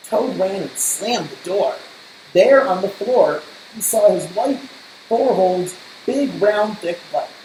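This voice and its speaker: A woman reading a children's storybook aloud in slow, measured narration. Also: medium pitch, expressive, a little mellow. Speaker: storybook reader. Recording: roomy echo, faint hiss.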